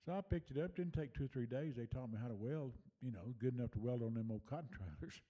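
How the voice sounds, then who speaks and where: Older man with a very dark voice. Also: mid-range voice, expressive, fast talker. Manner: folksy, rambling, with many fillers and restarts. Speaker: storyteller sharing memories. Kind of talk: casual personal storytelling.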